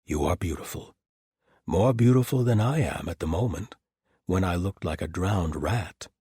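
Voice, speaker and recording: A man's voice: low-pitched, animated, moderate pace, mellow, husky, dry recording, full character voice. A man playing a wry, gallant paladin. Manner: dry, teasing, formal phrasing.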